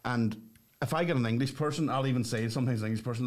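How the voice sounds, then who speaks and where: A man's voice: mid-range voice, rapid-fire, darkish tone. A man, co-hosting a podcast in laid-back, wry casual chat. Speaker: podcast co-host.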